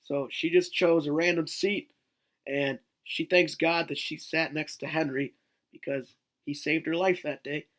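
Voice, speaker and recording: A man's voice: fairly high pitch, fairly even intonation, unhurried, a bit bright. A man telling a story in a rambling, joking way on a casual vlog, swearing now and then. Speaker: vlogger.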